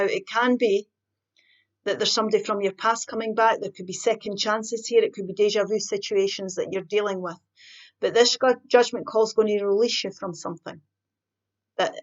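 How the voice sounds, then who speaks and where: Woman, tarot reader, chatty, thinking aloud, mid-pitched voice, slightly muffled recording. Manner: chatty, thinks aloud while pulling cards. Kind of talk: casual tarot card reading.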